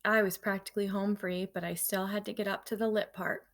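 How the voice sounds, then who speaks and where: Gravelly-voiced woman reading a storybook aloud. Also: mid-range voice, brisk. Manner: lively storytelling with casual asides to students. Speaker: teacher reading aloud to her class. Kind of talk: reading a children's novel aloud.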